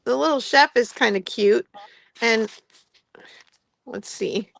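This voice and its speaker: Woman host for a live sale, slow unhurried talk, gravelly edge, bit of a higher voice, laughs a lot. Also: a bit bright. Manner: chatty, laughs often, trails off and restarts. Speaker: host running a live craft-supply sale. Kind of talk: casual live sale chat. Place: indoor shop with construction noise nearby.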